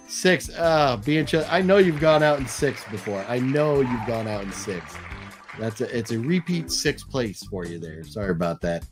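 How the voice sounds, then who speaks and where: A man's voice: medium pitch, soft background music. A man hosting a live movie news stream, calling out giveaway names in a casual, chuckling, apologetic way. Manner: lively, apologetic, chuckling, drawn-out name calls.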